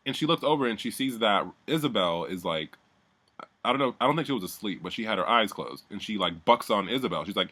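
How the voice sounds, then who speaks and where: A man's voice: on the low side, lively intonation, a little fast, bright, forceful tone. A man giving a casual, sardonic recap of a reality show, swearing freely and rambling as he goes.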